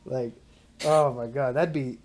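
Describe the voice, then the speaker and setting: A man chatting on a podcast with loud bursts of laughter and plenty of swearing. He keeps slipping into goofy acted-out quotes mid-story. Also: mid-range voice, fairly even intonation, measured pace, slight background noise. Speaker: podcast co-host. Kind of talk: casual chat.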